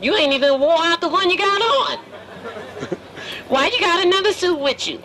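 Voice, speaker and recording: A man's voice: very high-pitched, a little slow, sharp tone, full character voice. A man voicing a brash wooden dummy. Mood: teasing. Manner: brash, flirty, wisecracking. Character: cheeky wooden male dummy, streetwise flirt. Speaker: ventriloquist's dummy. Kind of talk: street comedy teasing passersby. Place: busy city street outdoors. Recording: street crowd noise behind.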